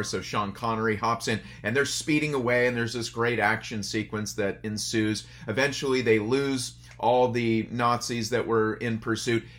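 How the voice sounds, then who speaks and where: A man's voice: fairly low pitch, fairly bright tone. A man preaching a sermon in a conversational, storytelling way at a church service streamed online. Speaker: pastor.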